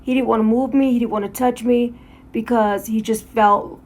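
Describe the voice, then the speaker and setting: A woman motorcycle vlogger, at home in her pajamas, tells her story casually, candidly, and earnestly while swearing freely. Her voice is fairly high with fairly even intonation and a moderate pace, over slight background noise.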